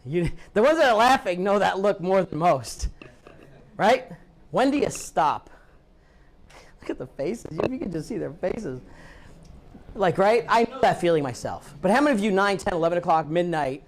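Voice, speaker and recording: A man giving a live training talk to a room of real estate agents, lively, acting out what people say. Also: high-pitched, moderate pace.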